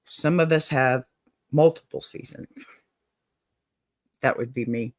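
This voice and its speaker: A host with a Southern accent talks through an advice show in a casual, encouraging way, checking in with "okay?" and calling listeners "y'all." The voice sits at a middle pitch. It is recorded close and dry, with no room echo. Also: slow. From Texas.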